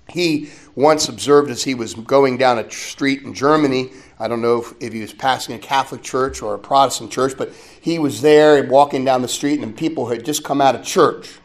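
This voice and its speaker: A man, a friar, preaching a sermon to a religious conference in an animated, conversational way, with asides to his listeners. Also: mid-range voice. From United States.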